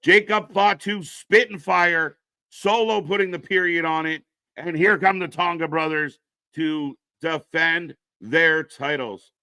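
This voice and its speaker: A man's voice: on the high side, steady tone, unhurried, bright, forceful tone, clean tone, no room sound, clean studio sound. A man casually commentating on a wrestling show during a live stream, chatting with viewers and reacting to the action. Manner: chatty, reads chat names aloud, reacts to the match.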